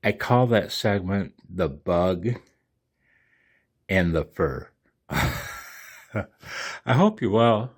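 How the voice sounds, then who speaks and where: Sleepless hobbyist vlogger, man, low and unhurried, chuckles through his stories. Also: animated, dry recording. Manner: chuckling, rambling storyteller. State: sleepless, late at night. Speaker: amateur radio vlogger. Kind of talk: casual chat to camera.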